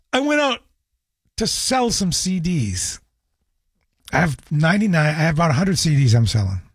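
A middle-aged man hosting a casual call-in radio show, his voice hoarse and scratchy after a cold, rambling through anecdotes. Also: a little high, no echo, clean studio sound. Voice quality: raspy. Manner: rambling anecdotal storytelling with restarts. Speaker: radio host. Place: radio studio. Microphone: studio microphone.

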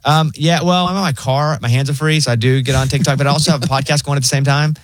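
A man in his thirties hosting a casual talk show and telling stories in an animated way. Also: a little high, fast, no room sound. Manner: storytelling, animated retelling. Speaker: show host. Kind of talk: casual chat.

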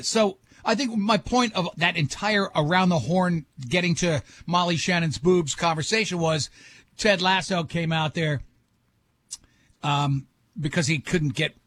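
High-voiced joking radio host. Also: male voice, fairly bright tone. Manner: loose, joking, rambling. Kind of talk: casual on-air banter.

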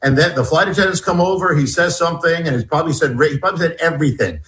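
A man being interviewed as an author, telling a story in a halting way, restarting and repeating his words as he goes. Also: a little high, a bit bright, rough recording. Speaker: guest author.

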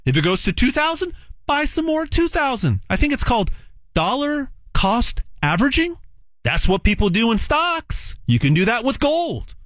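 Man, sales pitch, repetitive, stammering restarts, animated pitch, dry recording. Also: normal speed, dry recording. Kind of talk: direct-to-camera sales pitch.

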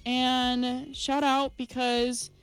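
Bubbly woman radio DJ, bit high. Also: little pitch movement, very slow, smooth, soft background music. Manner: bubbly, playful, rambling. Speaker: college radio DJ co-host. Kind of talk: casual on-air radio chat. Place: radio studio.

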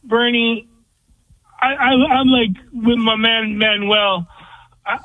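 A man's voice: very high-pitched, little pitch movement, takes it slowly, no room sound. A man calling in to a sports talk radio show, giving blunt, opinionated rants. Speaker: caller. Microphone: phone. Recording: dry tinny phone line.

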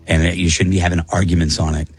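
A man's voice: low-pitched, flat delivery, fast talker, faint music behind. A man hosting a radio show, talking bluntly and plainly in casual banter with co-hosts.

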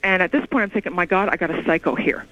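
A woman calling into a radio show, telling an eerie story in an excited, rambling way over the phone. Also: lowish voice, fast talker, no room sound. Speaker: caller. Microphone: phone call. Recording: muffled lo-fi phone line.

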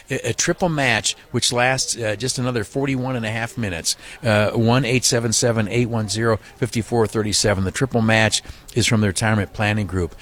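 A man hosting a live radio fundraiser appeal, earnestly pleading with listeners, repeating himself and stammering through fillers. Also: on the low side. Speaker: radio host running a hospital fundraiser. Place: radio studio.

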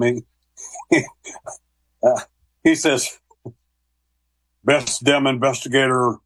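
A man's voice: medium pitch, breathy edge, dry recording, low-quality recording. A man telling long stories as a guest on a call-in radio talk show, with many fillers and restarts. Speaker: guest, paranormal investigator. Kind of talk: casual radio interview.

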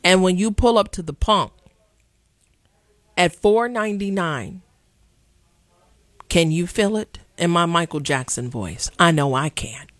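A woman's voice: fairly low pitch, unhurried, pauses often, no echo. Sarcastic woman. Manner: animated, sarcastic, playful asides. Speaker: podcast host. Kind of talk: casual political commentary.

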